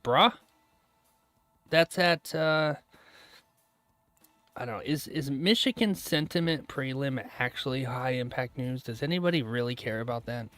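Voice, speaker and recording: A man running a day-trading live stream, chatting casually and answering viewers' comments aloud, relaxed and quick to laugh. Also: medium pitch. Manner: relaxed, laughs often, trails off mid-thought.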